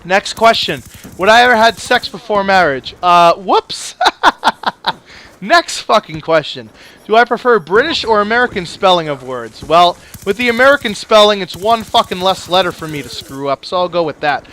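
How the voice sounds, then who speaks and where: A young man with a fairly high voice tells rowdy stories over his gameplay, dropping curses into nearly every sentence. He is jokey and animated, cracking one-liners mid-tale. His tone stays loose and conversational. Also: a little fast. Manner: profane, swears constantly. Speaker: gaming channel host. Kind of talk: casual storytelling over gameplay.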